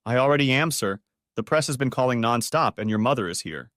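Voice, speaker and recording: A man voicing a loyal female assistant who answers in a brisk, efficient, respectful way. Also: medium pitch, lively intonation, fairly bright tone, no echo, clean studio sound, natural voice.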